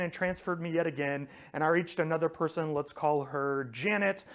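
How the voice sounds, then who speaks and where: A man's voice: a little high, normal speed. A man giving a conversational faith teaching, telling a story with frequent fillers and restarts.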